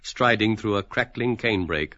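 A man narrating the stage directions of a radio play in a measured, precise reading. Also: lowish voice, bright, forceful tone, no room sound, dull audio.

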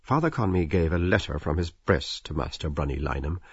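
Husky low guy reading a novel, wry and measured, dry dull recording. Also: dry recording. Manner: measured, wry, expressive storytelling. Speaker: audiobook narrator. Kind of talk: scripted literary narration.

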